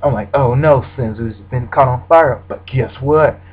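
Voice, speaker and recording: A man's voice: medium pitch, normal speed, husky. A man giving casual play-by-play commentary on his own video game match, acting out his reactions as he goes. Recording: dull lo-fi recording.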